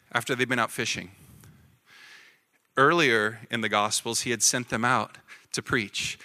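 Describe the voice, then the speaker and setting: A man preaching a sermon in a conversational way, often correcting himself and rising into animated emphasis. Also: medium pitch. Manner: self-correcting, repeats words. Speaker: pastor.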